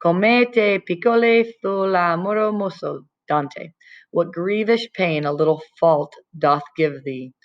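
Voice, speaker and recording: A woman voicing an odd little otherworldly old woman who speaks slowly and solemnly. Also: on the low side, dull audio.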